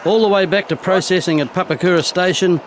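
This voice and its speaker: A man giving measured, matter-of-fact scripted narration for a police reality documentary. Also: high voice, background noise.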